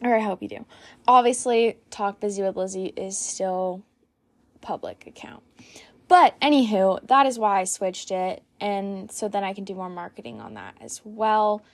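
A woman's voice: medium pitch, animated, normal speed. A young woman hosting her own solo podcast, chatting casually in a hyped-up, giggly, rambling way. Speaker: podcast host.

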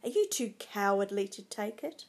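A woman's voice: medium pitch, very animated, moderate pace. A woman voicing a scheming, ruthless noblewoman who coaxes, commands and scorns, read aloud from a storybook.

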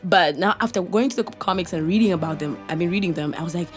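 A woman co-hosting a podcast in casual chat, animated and laughing often. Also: on the low side, fast, faint music behind. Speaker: podcast co-host.

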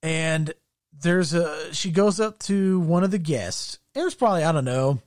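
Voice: medium pitch, expressive, a little slow, a little mellow, no echo, clean studio sound. Rambling, profane show recapper. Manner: rambling, profane storytelling with frequent "like" and restarts. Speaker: podcast co-host. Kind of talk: casual chat recapping a show.

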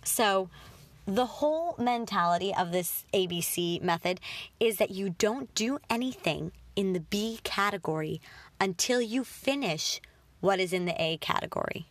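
A woman's voice: medium pitch, expressive, normal speed, no room sound. A woman in her twenties hosting a self-help podcast in a chatty, self-deprecating way with many fillers. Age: 20s. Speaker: podcast host. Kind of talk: casual self-help talk.

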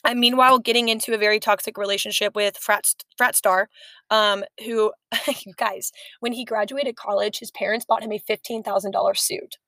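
A young woman co-hosting a podcast, telling stories in a chatty, animated way. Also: medium pitch, normal speed, no room sound. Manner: chatty, storytelling, animated asides. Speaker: podcast co-host. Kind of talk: casual chat.

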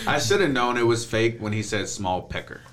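A man's voice: mid-range voice, lively intonation, brisk, a crowd in the background. A man co-hosting a comedy podcast, blunt and emphatic, swearing freely. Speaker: podcast co-host. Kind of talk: casual comedy podcast banter.

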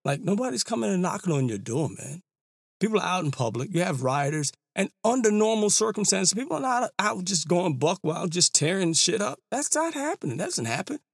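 A man's voice: high-pitched, big pitch swings, fairly quick, gravelly, breathy edge, dry recording, studio quality. A man giving heated political commentary, emphatic and repeating himself, with casual slang.

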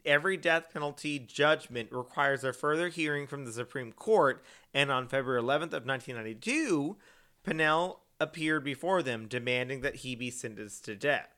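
A man's voice: medium pitch, lively intonation, moderate pace, pushed and bright. A man hosting a casual true-crime podcast, chatty and joking, with many fillers and restarts. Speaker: podcast host.

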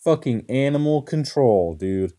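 A man's voice: medium pitch, animated, a little slow, warm tone. A young man telling a story in casual chat, laid-back and full of swearing.

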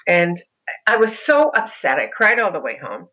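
A middle-aged mother recounts her experiences in an interview, animated and expressive, slipping into other people's voices. Her tone is bright and forceful, sitting a little low for a woman. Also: normal speed, poor audio. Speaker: mother of a son with a disability. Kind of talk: interview storytelling.

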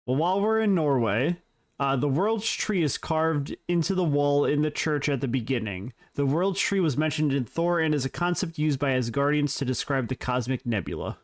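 A man's voice: a little high, expressive, moderate pace. A man co-hosting a podcast, reading prepared facts in casual, joking banter with his co-host. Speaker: podcast co-host presenting trivia.

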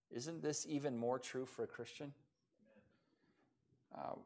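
A man's voice: medium pitch, fairly even intonation, measured pace, darkish tone. A man preaching an evening sermon as pastor, talking in a conversational, self-deprecating way with plenty of fillers, then closing in prayer.

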